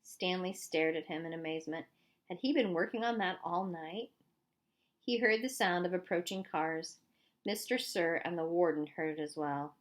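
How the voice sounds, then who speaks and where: A woman's voice: fairly low pitch, normal speed. Woman reading a novel aloud. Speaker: audiobook reader.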